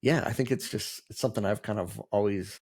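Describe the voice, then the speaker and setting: A man's voice: fairly low pitch, brisk, a little mellow, breathy edge. A man hosting a podcast, asking questions and reflecting in an earnest, encouraging way. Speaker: podcast host. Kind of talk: casual interview chat.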